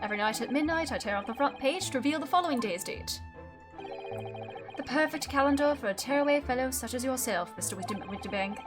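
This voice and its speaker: A woman's voice: sits high, expressive, quick pace, music in the background. A woman voicing a precise, stubborn older male pawnbroker in a video game, speaking formally. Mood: fussy. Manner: formal, clipped pronouncements.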